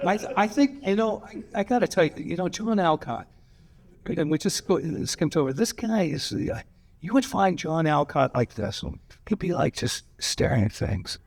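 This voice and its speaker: A man's voice: a little high, very animated, moderate pace, creaky, darkish tone, no room sound. An older man, a guest actor at a screening Q&A, telling loose, profane, laughing anecdotes on a cinema stage. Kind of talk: rambling anecdotal storytelling. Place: cinema stage before a live audience.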